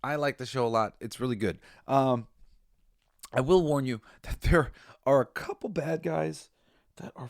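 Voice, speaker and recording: A man's voice: mid-range voice, darkish tone, no room sound, clean studio sound. A man hosting a podcast, giving a rambling, profane, emotional review in casual chat. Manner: rambling, profane, with restarts and laughter. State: tearful. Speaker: podcast host. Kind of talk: casual enthusiastic review monologue.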